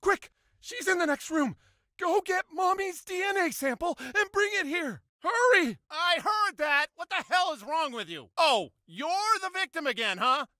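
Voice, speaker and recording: An actor playing a frantic, whiny suburban dad in a cartoon video game, quick to squabble. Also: male voice, very high voice, expressive, sharp tone, dry recording, clean studio sound, heavily acted. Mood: bickering. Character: frazzled, bickering suburban dad. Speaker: game character.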